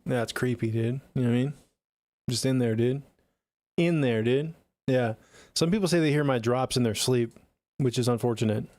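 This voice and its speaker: A man's voice: medium pitch, moderate pace, darkish tone, no echo. A laid-back man rambles casually through live music feedback, swearing freely. His voice sits in a middle range. The sound is close and completely dry, from a small home studio closet. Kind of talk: casual live-stream chat.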